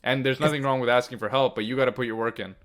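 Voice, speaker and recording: A man's voice: mid-range voice, fairly even intonation, very fast, a bit bright. A man with a mid-range voice talks on a casual podcast. He gives advice in an earnest, emphatic way and leans hard on his key points. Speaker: podcast co-host.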